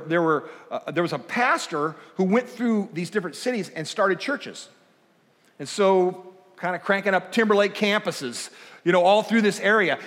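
Man, high voice, guest preacher, chatty storytelling sermon, long hall reverb. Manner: animated, self-deprecating, acts out dialogue. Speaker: guest speaker. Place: church auditorium.

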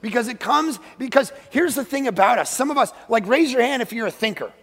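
Male guest preacher, high and gravelly, playful and animated, sanctuary reverb. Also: brisk. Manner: animated, joking, acts out quoted voices, sudden shouts. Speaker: guest pastor. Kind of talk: energetic comedic sermon. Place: church sanctuary. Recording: long hall reverb.

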